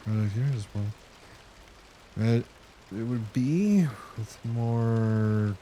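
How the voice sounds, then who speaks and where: Chill gaming streamer guy, low mellow voice, rambles and talks to chat, faint hum behind. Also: very slow. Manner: rambling, chats with viewers between plays. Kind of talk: casual live-stream commentary.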